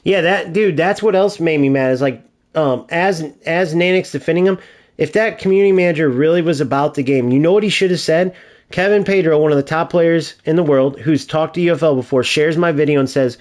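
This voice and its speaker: A fairly high-voiced man streaming a video game and talking over it. He rants in loose, profanity-heavy commentary. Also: fairly quick, darkish tone. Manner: profane, ranting. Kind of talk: casual gameplay commentary.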